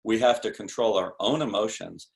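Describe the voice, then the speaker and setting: Gravelly low-voiced man coaching emphatically. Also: normal speed. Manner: emphatic, punchy coaching tone with rhetorical questions. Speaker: sales expert guest. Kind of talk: podcast interview explanation.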